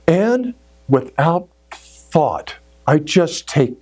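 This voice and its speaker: A middle-aged man telling a story in a sermon, acting out inner voices and moving from shouts to hushed tones. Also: fairly high pitch, big pitch swings, extremely slow, pauses often, husky. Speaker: speaker at a church service.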